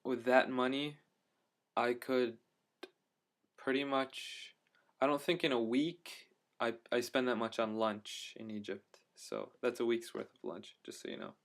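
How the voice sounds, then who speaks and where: A man's voice: mid-range voice, steady tone, a little slow. A young man talking casually in a travel vlog, rambling and hesitant with many fillers and restarts. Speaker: travel vlogger.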